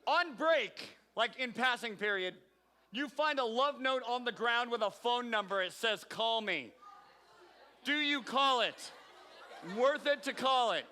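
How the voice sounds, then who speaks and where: A man's voice: very high-pitched, expressive, a little slow, pushed and bright. A man leading a youth group game, calling on teens by name with playful teasing. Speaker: youth pastor. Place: large hall with audience. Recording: long reverb from a large hall.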